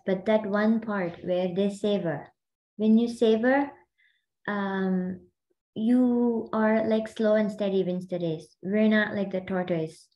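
A woman's voice: medium pitch, dark tone, lo-fi sound. A woman hosting and coaching a group on a video call, talking in a chatty, rambling way full of fillers. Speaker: host and mindset coach.

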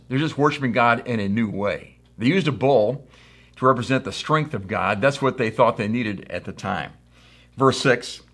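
This is a middle-aged American pastor with a medium-pitched, fairly bright voice. He gives a conversational sermon, telling stories and acting out what people said.

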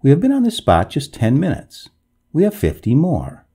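A man playing a courteously cruel gentleman. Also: a little high, huge pitch swings, normal speed, breathy edge, voice pushed up, full character voice. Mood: coldly triumphant. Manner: polite, firm, dryly mocking. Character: courteous, coolly triumphant gentleman heir. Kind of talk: storybook reading.

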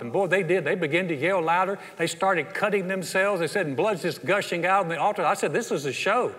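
Texan pastor preaching in a reverberant hall. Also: male voice, high-pitched, brisk, few pauses. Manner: animated storytelling, acting out quotes with rising force. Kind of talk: sermon. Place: church sanctuary. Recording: long church hall reverb.

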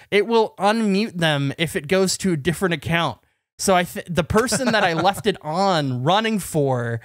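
A man's voice: high-pitched, a bit bright, dry recording, studio quality. A man co-hosting a podcast, telling a long rambling story full of "like" and restarts in casual chat. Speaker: podcast co-host.

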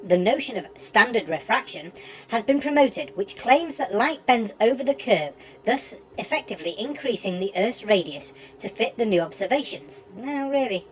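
A woman's voice: on the high side, poor audio. A woman reading on-screen text aloud in a mock-formal way, dropping dry sarcastic asides.

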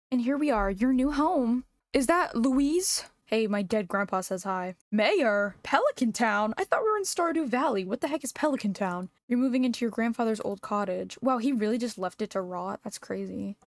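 A woman's voice: mid-range voice, no room sound. A young adult woman giving playful, sassy, joking commentary as she plays a farming game for the first time. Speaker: gaming YouTuber. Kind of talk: casual gameplay commentary.

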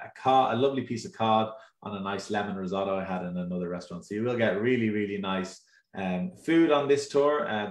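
An Irish man talks with easy enthusiasm, full of ums and uhs. His voice sits on the low side. The room around him has a noticeable echo. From Ireland. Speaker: tour operator representative. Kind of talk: casual presentation on a live stream.

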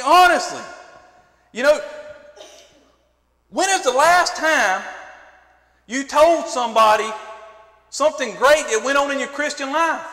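A man's voice: very high voice, pushed and bright. A man preaching a sermon in a church, driving his points home with repeated questions. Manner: fervent preaching with rhetorical questions. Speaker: pastor. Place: church sanctuary. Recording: echoey church hall.

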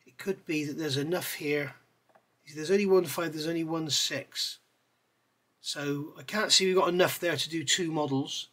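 A man reviewing scale model parts in a chatty way, pausing with fillers and correcting himself as he goes. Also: fairly high pitch, bright, forceful tone. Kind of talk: casual product review.

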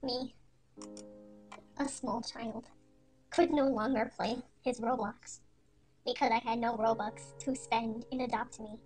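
Quiet woman narrator, high and unhurried, deadpan mock-serious storytelling over faint music. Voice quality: quiet, soft-spoken. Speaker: storytime animator.

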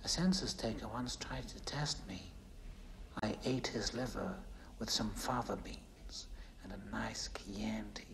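A cultured, menacing psychiatrist killer. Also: male voice, fairly low pitch, fairly even intonation, a little slow, gravelly, a little hiss or hum. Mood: cold and mocking. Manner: soft, precise and menacing, slipping into whispers. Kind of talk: film dialogue.

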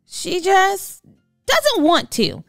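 A woman voicing a spiteful, sulky young girl with a shrill, whiny voice in a children's storybook. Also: wildly swooping pitch, very slow, fairly bright tone, no echo, clean studio sound, faint music behind, full character voice.

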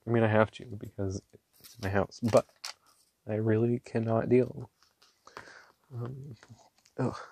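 A man gushing over ink swatches in a casual vlog, excitable and quick to laugh. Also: lowish voice, a little hiss or hum. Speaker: ink reviewer. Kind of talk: casual show-and-tell vlog. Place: small home room.

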